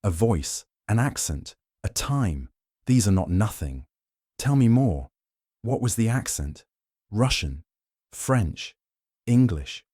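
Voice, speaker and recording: Here is a man playing a shrewd, stern older detective in an audiobook. He presses hard with pointed, commanding questions in a deep voice, set a little higher than his narration, in a dry, close sound. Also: sing-song, slow pace, dark tone, no echo, exaggerated voice. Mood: pressing.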